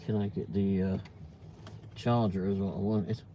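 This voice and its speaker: A woman's voice: very deep voice, steady tone, moderate pace, highs cut off. A woman making brief, offhand remarks during a casual chat in a car. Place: inside a car on the road. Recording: loud road noise in a car.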